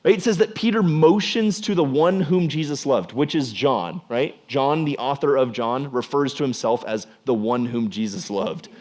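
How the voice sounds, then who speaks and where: A young man preaching a casual youth sermon, animated and jokey, acting out the scenes. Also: medium pitch, normal speed, few pauses. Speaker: youth pastor.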